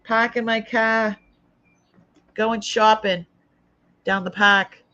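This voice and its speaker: A woman with an old Boston accent hosts a live jewelry sale, chatting casually and thinking aloud as she looks over each piece. Her fairly high voice is level, slow, pushed and bright yet smooth. The recording sounds muffled.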